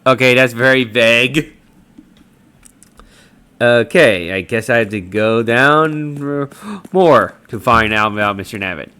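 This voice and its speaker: A man playing a video game and chatting through it casually, reading the on-screen dialogue aloud in an animated way, with game music underneath. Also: medium pitch, a little slow, pauses often, clear, resonant tone. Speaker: let's play gamer. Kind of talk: casual gameplay commentary.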